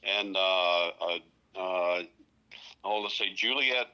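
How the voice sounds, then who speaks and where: A man's voice: lowish voice, slow, bright, forceful tone, highs cut off. A man from North Louisiana, a guest telling stories with many fillers and restarts. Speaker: guest, prison communications director. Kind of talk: casual interview chat.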